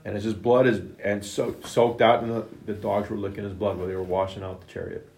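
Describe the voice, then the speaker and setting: A man preaching a sermon, emphatic, retelling scripture in plain everyday words with a gravelly voice. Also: fairly low pitch, little pitch movement, fast, darkish tone. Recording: echoey room.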